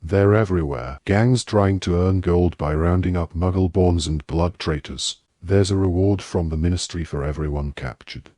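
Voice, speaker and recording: A man's voice: low-pitched, normal speed, few pauses, dark tone, dry recording, clean studio sound. A man reading an audiobook, voicing an awkward, apologetic teenage wizard boy who pleads and blusters. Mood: defensive.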